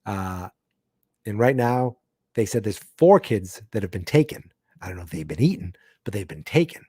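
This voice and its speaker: A man's voice: lowish voice, sing-song, normal speed, darkish tone, breathy edge, dry recording, studio quality. A man hosting a live book-club podcast, reading a comic aloud and breaking off for chatty asides. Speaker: podcast host.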